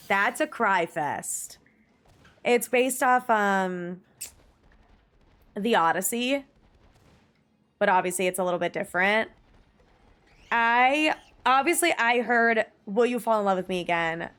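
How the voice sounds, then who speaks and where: A woman's voice: medium pitch, a bit bright. A woman streaming live, chatting casually with viewers and gushing emphatically, with the odd swear. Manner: gushing, emphatic, swears, reads chat aloud. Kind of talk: casual livestream chat.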